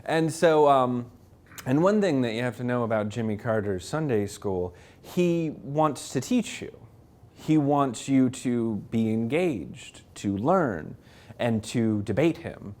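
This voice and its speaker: A man, an author, telling lively self-mocking stories to an audience at a library talk, acting out the people he quotes. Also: mid-range voice, slow. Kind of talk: anecdotal storytelling to a live audience. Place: public library event room.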